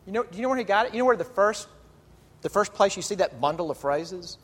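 A male pastor delivering an animated, emphatic sermon, drawing out key phrases. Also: high voice, quick pace, breathy edge. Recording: long reverb of a large hall.

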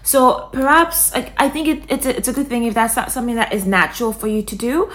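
A young woman hosting a self-help podcast, talking casually and acting out quoted inner voices with sudden pitch jumps. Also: fast, fairly bright tone. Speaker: podcast host.

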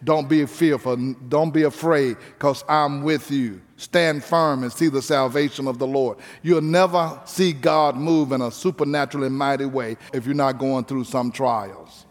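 A man's voice: medium pitch, fairly even intonation, a little slow, few pauses. A man preaching a sermon as pastor, stressing his points by repeating key phrases. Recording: reverberant hall with faint music.

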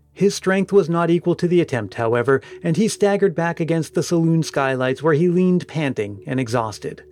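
Grave male storyteller with faint music. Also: fairly high pitch. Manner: steady, grave narration. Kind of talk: scripted ghost story reading.

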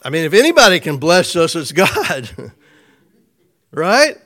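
A man's voice: fairly high pitch, sing-song, unhurried, a bit bright. A man preaching an informal sermon to a small group, conversational, restarting phrases and chuckling often. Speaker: pastor.

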